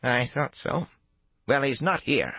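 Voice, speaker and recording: A man's voice: mid-range voice, sing-song, slow pace, creaky, no room sound, lo-fi sound, voice pushed up, full character voice. A male narrator voicing an elderly, wary landlady who talks emphatically. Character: elderly wary woman landlady, fussy and fierce.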